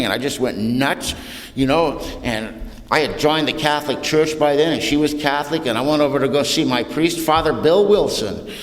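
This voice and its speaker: A man's voice: a little high, fairly bright tone. Blunt older man in an echoey hall. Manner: blunt, plain-spoken, peppered with "man" and "you know". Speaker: recovery meeting speaker. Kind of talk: humorous personal testimony. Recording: echoey hall with long reverb.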